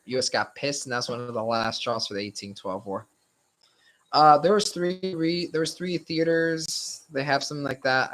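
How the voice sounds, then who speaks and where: A young man running a relaxed study session, talking in a loose, rambling way with plenty of swearing and shrugging hedges. His voice sounds a bit worn and strained, and it sits at an ordinary middle pitch. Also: rough recording. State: slightly strained voice. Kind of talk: casual study-session lecture.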